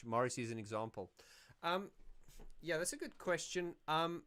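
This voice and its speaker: A man with a sharp, fairly high voice and lively intonation hosts a casual livestream at normal speed. He answers viewer questions in a rambling, self-correcting way, singing snippets to make his points.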